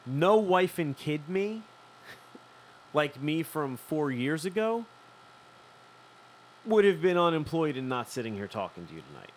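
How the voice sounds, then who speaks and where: A man from Philadelphia telling a long story in casual chat, profane and animated. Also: a little high, a little slow, long pauses, slight background noise, rough recording. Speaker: podcast host telling a story.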